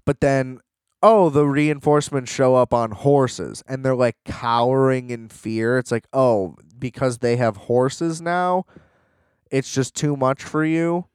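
A man's voice: medium pitch, takes it slowly, clean tone, no echo, studio quality. A young man in a rambling, sarcastic casual rant, full of fillers and restarts.

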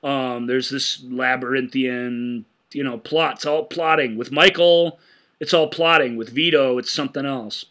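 A man co-hosting a film podcast, retelling movie scenes in an animated way and laughing often. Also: mid-range voice, measured pace. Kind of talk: casual film discussion.

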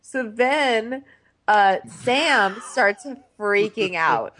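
A woman in casual chat, telling a TV-show story with fillers and quick asides. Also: medium pitch, lively intonation, fairly bright tone.

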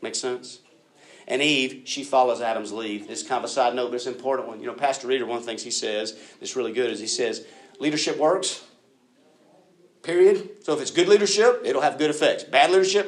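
Animated preacher man, conversational. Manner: animated, acts out quoted voices with big pitch jumps; conversational, addresses listeners as guys and y'all. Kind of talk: sermon.

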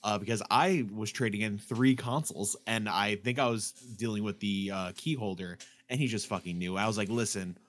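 A man's voice: lowish voice, normal speed, few pauses. A man in casual chat, telling stories in a laid-back, sweary, dry way. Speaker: podcast co-host, former game store worker.

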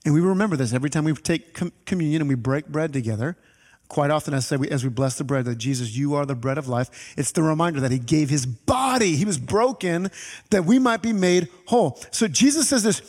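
High-voiced pastor preaching in a reverberant hall. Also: male voice, brisk. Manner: animated, conversational preaching with audience asides. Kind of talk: sermon. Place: church sanctuary. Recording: reverberant hall with faint music.

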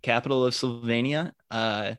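A man's voice: mid-range voice, fairly even intonation, moderate pace, fairly bright tone, smooth, dry recording. A man co-hosting a casual podcast, chiming in with wry quips and his own stories. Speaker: podcast co-host. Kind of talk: casual chat.

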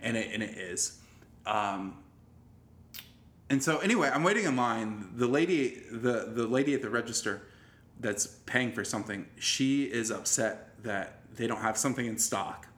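A man's voice: medium pitch, animated, normal speed, fairly bright tone. A man in casual conversation, animatedly retelling a story with plenty of swearing and restarts. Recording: roomy echo.

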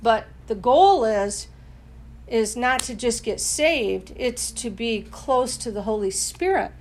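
A woman's voice: a little high, slight background noise. A woman preaching in a casual, earnest way, talking conversationally with frequent restarts.

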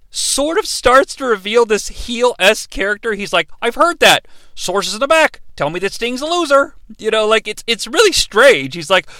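A man hosts a casual solo podcast with animated, sardonic chatter. His fairly high voice swings widely and has a bright, edged tone. The sound is close-miked and dry. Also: clean tone, no echo. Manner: animated and sardonic, slipping into impressions. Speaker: podcast host.

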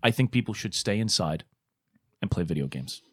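A man's voice: sits low, animated, moderate pace, fairly bright tone, breathy edge, no echo, clean studio sound. A man co-hosting a podcast in casual, rambling, profane chat, sarcastic and loose. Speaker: podcast co-host.

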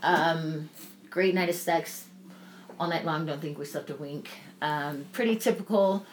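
Woman, lower register, candid animated storyteller, light hiss in the background. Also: a little slow. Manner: animated, acts out quoted voices, swears freely. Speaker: guest telling a personal story.

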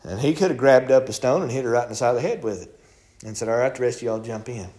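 A man preaching a sermon in a folksy storytelling manner, acting out voices and building to shouts. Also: mid-range voice, fast talker.

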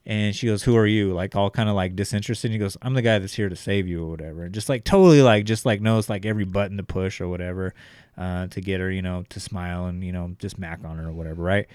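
A man's voice: low-pitched, fast talker, darkish tone, no room sound, studio quality. A young man telling a story in casual chat, rambling with lots of fillers and swearing.

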